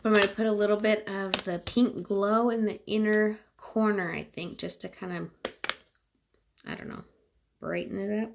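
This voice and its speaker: A chatty woman talking through a makeup livestream at home, full of fillers and loose asides. Her voice carries a clear creak and fry. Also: mid-range voice, steady tone, normal speed, background noise. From California. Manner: chatty, rambling, many "like"s and fillers. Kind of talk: casual livestream chat while applying makeup.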